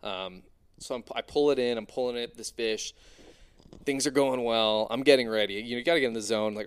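Young dude telling a wild story, lots of likes and ums, smooth clear voice. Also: male voice, on the low side, brisk. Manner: animated, excitable, many fillers. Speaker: spearfishing diver guest. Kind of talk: casual storytelling.

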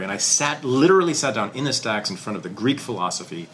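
Low-voiced candid middle-aged man. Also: quick pace, a little hiss or hum. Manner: candid, animated storytelling, swears casually. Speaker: historian. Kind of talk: casual interview.

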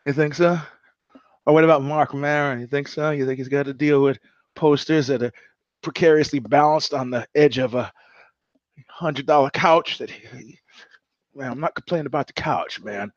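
A man hosting his own podcast, talking through a film in an animated, digressive way and acting out the lines of its characters. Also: mid-range voice, no room sound, lo-fi sound. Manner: animated, digressive storyteller who acts out quotes. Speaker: podcast host. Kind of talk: solo monologue about film. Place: home room.

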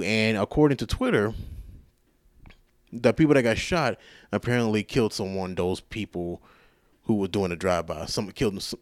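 Low-voiced man telling a rambling, profane story. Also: moderate pace, long pauses, dry recording, clean studio sound. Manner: profane, animated, self-mocking. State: tired. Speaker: podcast host.

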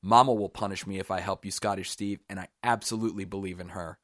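A man's voice: fairly even intonation, fast talker, dry recording, clean studio sound, natural voice. A man voicing a simple-minded, childlike young man who whines and pleads in a raised voice. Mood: anxious. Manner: whiny, pleading, higher and louder.

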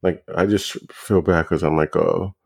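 A young man co-hosting a podcast, talking casually in a halting, stop-start way full of fillers and repeated words, high on weed. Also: steady tone, gravelly, breathy edge. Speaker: podcast co-host. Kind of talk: casual chat.

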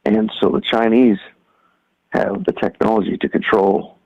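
A man calling in to a radio show, talking in a halting, rambling, conspiratorial way. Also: fairly low pitch, steady tone, creaky. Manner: halting, many restarts and fillers, conspiratorial. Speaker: caller. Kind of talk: rambling call-in talk. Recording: dull lo-fi phone-in line.

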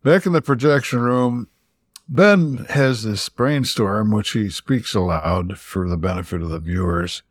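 A man's voice: on the low side, a little slow, no room sound, studio quality. A man co-hosting a podcast in casual chat, retelling scenes and quoting the dialogue. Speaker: podcast co-host.

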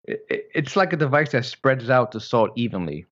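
Man, podcast co-host, casual chat, laid-back storyteller, jokey, medium pitch, slightly muffled lo-fi sound. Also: very animated, a little fast, a bit bright.

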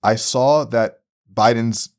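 A young man hosting a podcast, delivering an essay-style commentary in an animated, profane way that swings from low mutters to loud outbursts. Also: takes it slowly. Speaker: podcast host.

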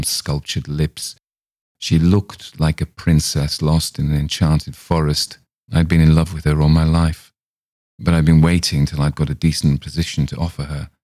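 Host reading fiction aloud, measured man, gravelly and dry. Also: rumbling low, dark tone, no room sound. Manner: measured storytelling. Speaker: podcast host reading stories. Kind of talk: reading a short story aloud.

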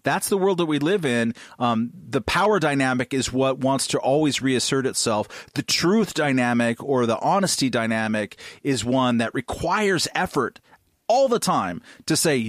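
A man's voice: medium pitch, expressive, no room sound. Indignant swearing podcast man, dry sound. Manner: indignant and profane, with halting restarts. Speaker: podcast co-host. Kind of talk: heated political podcast talk.

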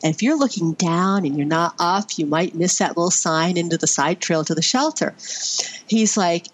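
A woman's voice: lowish voice, moderate pace. A middle-aged woman from Vermont, a podcast guest, telling a story in a rambling, fond way with many fillers. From Vermont, USA. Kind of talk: conversational storytelling.

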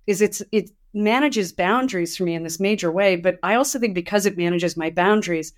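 She hosts a podcast, and her medium-pitched voice moves briskly through casual conversation. Her stories come alive as she acts out each quote with animation.

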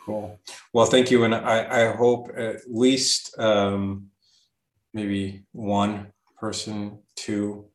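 A man's voice: fairly low pitch, monotone, drawn-out words. A man hosting an interview, asking questions in a hesitant, filler-heavy way. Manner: hesitant, many fillers and restarts. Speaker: interview host. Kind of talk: casual interview conversation. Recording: echoey room.

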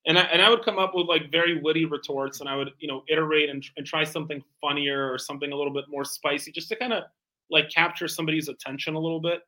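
A middle-aged man, a guest in an interview, telling animated stories about his sales career and acting out phone calls. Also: a little high, fast talker, rough recording. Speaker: guest, bespoke tailor and founder. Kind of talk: casual interview storytelling.

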